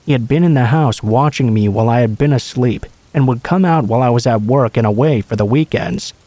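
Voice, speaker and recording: A man narrating true scary stories in a steady, matter-of-fact reading voice. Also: medium pitch, fairly quick, no room sound. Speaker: horror story narrator.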